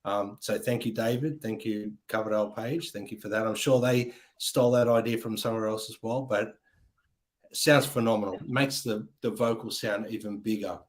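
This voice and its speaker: Man, host, low voice, enthusiastic, rambly, casual music talk. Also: steady tone, normal speed. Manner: enthusiastic, rambling with many ums. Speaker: podcast host. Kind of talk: casual chat.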